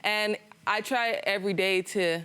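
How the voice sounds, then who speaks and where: A woman's voice: mid-range voice, unhurried, pushed and bright, clear, resonant tone. A young American woman arguing her side in a TV courtroom, aggrieved and insistent. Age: young adult. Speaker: litigant. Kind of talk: emotional testimony.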